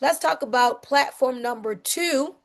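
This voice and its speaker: High, gravelly-voiced woman pitching to a crowd. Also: unhurried. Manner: energetic, talks to the audience. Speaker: presenter. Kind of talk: sales presentation.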